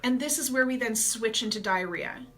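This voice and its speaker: A woman gut health coach giving casual, energetic advice straight to her viewers in a chatty vlog. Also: fairly high pitch, moderate pace.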